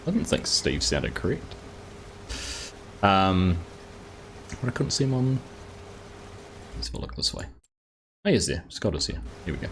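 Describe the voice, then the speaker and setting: A man talks casually through a live gameplay stream, welcoming viewers one by one in a relaxed, chatty way. His voice sits low and deep. A faint background hiss runs under the recording. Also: normal speed, creaky, pauses often. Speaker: streamer, host of a live farming game stream. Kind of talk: casual live-stream commentary while playing.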